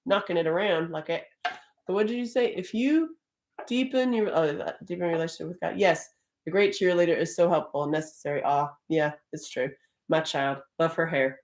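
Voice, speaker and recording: Lively middle-aged woman hosting a live stream. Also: on the low side, fairly quick, a little hiss or hum. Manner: animated, laughs often, Southern-tinged "y'all". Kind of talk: casual live stream talk.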